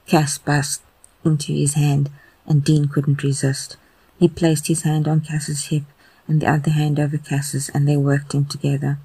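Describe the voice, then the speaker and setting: Fan fiction podcast narrator; slow and husky, dark, dry recording. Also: medium pitch, no echo. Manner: slow, even, intimate reading. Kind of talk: audio fan fiction reading.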